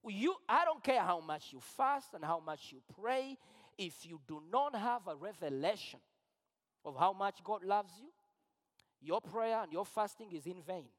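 A man's voice: high-pitched, animated, a little slow. A man preaching a sermon as pastor, emphatic and repetitive, with rising fervor. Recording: long hall reverb.

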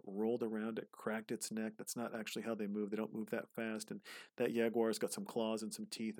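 A man's voice: fairly low pitch, no room sound. A man giving rambling, profane, casual commentary while watching a movie, often drifting into tangents.

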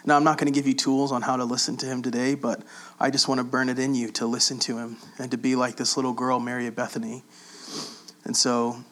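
A man preaching in a relaxed, conversational way, reading scripture aloud and explaining it with frequent pauses and fillers. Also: mid-range voice. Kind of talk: casual Bible teaching.

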